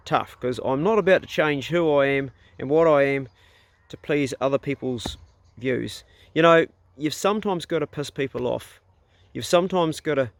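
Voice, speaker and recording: A man's voice: mid-range voice, gravelly, no echo. Blunt, outspoken New Zealand man. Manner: blunt, outspoken, swears freely. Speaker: vlogger. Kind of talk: casual talk to camera.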